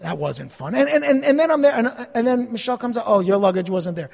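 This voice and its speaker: A pastor preaching a sermon, telling stories about himself with self-deprecating humor. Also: male voice, extremely high pitch, expressive, fast talker, gravelly, darkish tone, big-room sound.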